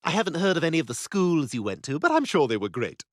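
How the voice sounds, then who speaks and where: A man's voice: a little high, big pitch swings, fast talker, dry recording, studio quality. An actor voicing a snobbish, catty toddler boy who talks in a pompous, sarcastic way. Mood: snide.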